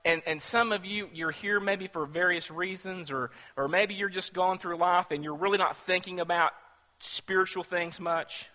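Man preaching with a bright, ringing voice. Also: sits high, moderate pace, big-room sound. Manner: storytelling, grows loud and animated when excited. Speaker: pastor. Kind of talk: sermon.

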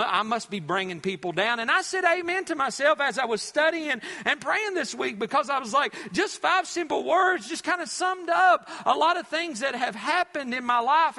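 High-voiced pastor preaching in a reverberant hall. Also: male voice, bright, forceful tone. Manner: preachy, repetitive emphasis with many fillers. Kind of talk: sermon.

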